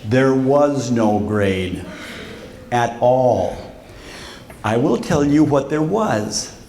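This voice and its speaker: A middle-aged man, a visiting author, telling a story to students in a school auditorium with lively drama, acting out voices and laughing often. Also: mid-range voice, extremely slow. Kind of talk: animated storytelling talk.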